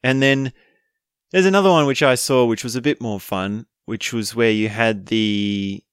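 A man talking casually on his own, chatty and quick to laugh, often ending lines with a questioning "right?". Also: mid-range voice, clear, resonant tone, no echo, clean studio sound. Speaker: speaker explaining a topic. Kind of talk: casual monologue.

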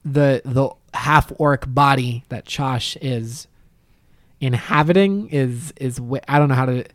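A man playing a tabletop game, explaining his character with halting, filler-filled talk. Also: medium pitch, a bit bright, no room sound, studio quality. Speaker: player.

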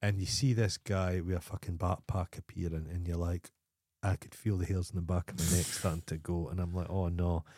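Scottish podcast co-host, lowish voice, swears freely while telling animated stories, dry close mic. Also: male voice, brisk, hardly any pauses, dry recording. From Scotland. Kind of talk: casual chat.

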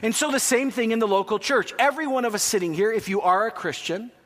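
A Canadian pastor with a high, fast, slightly bright voice preaches a sermon in a chatty, joking manner, throwing questions at the congregation. His Canadian English accent carries through a church hall with long reverb.

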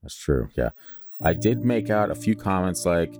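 Low-voiced guy reading a spooky story on a podcast, cracks jokes in between, faint music under it. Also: big pitch swings, normal speed. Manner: reads listener story aloud with joking asides. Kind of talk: casual storytelling chat.

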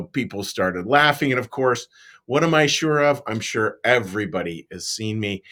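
Man, lower-pitched voice, devotional talk, conversational, earnest, repeats words. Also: fairly bright tone. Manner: earnest, repeats words, self-deprecating asides. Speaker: minister giving a devotional talk.

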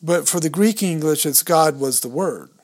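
A man's voice: a little high, animated, normal speed. A man co-hosting a podcast, explaining a Bible passage step by step. He reads verses and Greek words aloud and thinks aloud as he looks through his books. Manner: reads scripture and Greek words aloud, stumbling over pronunciation. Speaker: podcast co-host. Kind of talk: casual teaching talk on scripture.

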